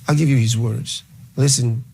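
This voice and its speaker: A man's voice: mid-range voice, fairly even intonation, normal speed, dark tone, a little hiss or hum. A male pastor preaching a sermon, emphatic, repeating key phrases and dwelling on exclamations.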